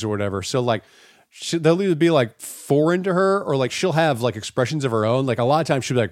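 A middle-aged man co-hosting a podcast, telling stories in a casual, profane, animated way. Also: mid-range voice, fast, dry recording, studio quality. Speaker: podcast co-host. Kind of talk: casual chat.

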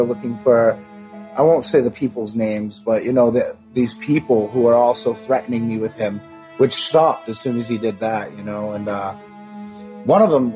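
A man's voice: mid-range voice, warm tone. A young man, bluntly recounting a story in casual, profane talk with plenty of fillers. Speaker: interviewee recounting an assault. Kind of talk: casual first-person storytelling.

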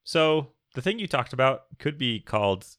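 A male podcast co-host chats casually, laughs often, and reads listener questions aloud. His mid-range voice is a bit bright and swings widely in pitch, at a moderate pace, with clean studio sound and no room sound.

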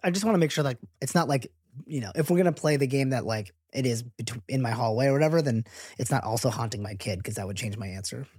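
Husky-voiced male comedian guest. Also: medium pitch, darkish tone, dry recording, studio quality. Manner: quick wry asides. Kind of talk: casual chat. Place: home.

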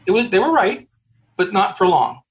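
A middle-aged man from Canada, a guest in an interview, telling a story in an animated way, laughing and acting out the voices he quotes. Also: high-pitched, moderate pace, low-quality recording. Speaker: guest, recruiter. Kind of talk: storytelling in a conversation.

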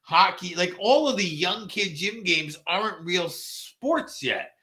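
A man in his forties talks in a very bright, sharp voice, pitched a little high. He chats haltingly, stopping and restarting his thoughts. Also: lively intonation. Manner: halting, trails off with ums. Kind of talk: casual chat.

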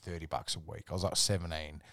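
A man's voice: a bass voice, flat delivery, fast, fairly bright tone, no echo, studio quality. A man with an Australian accent, a podcast guest telling rambling, sweary work stories in a laid-back way. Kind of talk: casual storytelling chat.

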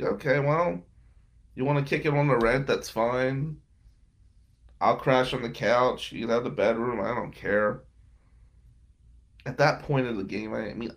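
A man casually telling wry stories about past roommates and girlfriends, with frequent laughing asides. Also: mid-range voice. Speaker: podcast guest telling stories. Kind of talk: casual storytelling.

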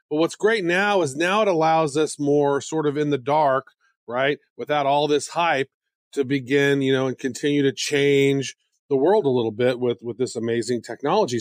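A man co-hosting a podcast in casual chat, excitable and given to jumping into high squeals when joking. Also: dry recording, clean studio sound. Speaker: podcast co-host.

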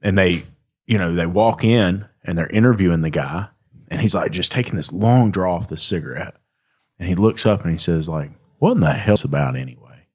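A man's voice: sits low, moderate pace, a little mellow, slightly rough. A man in casual chat, telling stories and teasing his co-host. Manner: storytelling, teasing.

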